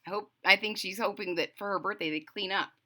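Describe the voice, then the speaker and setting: A woman's voice: medium pitch, steady tone, quick pace, bright, forceful tone. A woman reading a picture book aloud to children, stopping to explain the story in chatty asides.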